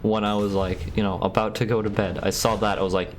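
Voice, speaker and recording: A man's voice: on the low side, level tone, quick pace, slight background noise. A man chatting casually over a game he plays, rambling and stumbling over his words. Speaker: gamer. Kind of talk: casual let's-play chat.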